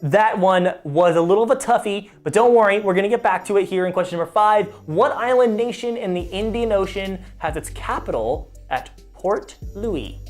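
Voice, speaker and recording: A man with a high voice hosts a live trivia game stream, chatty and self-mocking, stumbling over place names as he reads out the questions.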